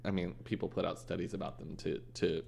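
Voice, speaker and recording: A man's voice: low voice, little pitch movement, brisk, creaky, darkish tone, slight background noise. A man hosting a casual true-crime podcast, telling a case with jokes and acted-out quotes. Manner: joking storyteller, acts out quoted people. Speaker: podcast host.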